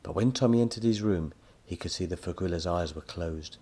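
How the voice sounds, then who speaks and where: A man narrating a children's story as an expressive audiobook reader. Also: deep voice, a little fast, husky.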